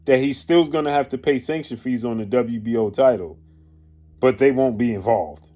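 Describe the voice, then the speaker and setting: A man's voice: medium pitch, mellow. A man giving opinion commentary on boxing, indignant and firing off rhetorical questions, sometimes stopping to correct himself or search for a word. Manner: pauses to correct himself and grope for words.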